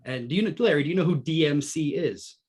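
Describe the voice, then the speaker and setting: A man's voice: fairly high pitch, lively intonation, quick pace, a little mellow, breathy edge. A man hosting a casual panel chat, joking and steering the talk. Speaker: host.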